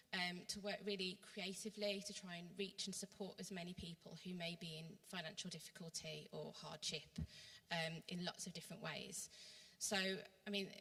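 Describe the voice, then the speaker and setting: In a church hall with long, hall-style reverb, a council worker delivers an earnest workshop talk with lots of ums and false starts. She has a West Midlands English accent and a voice on the low side with a fairly bright tone.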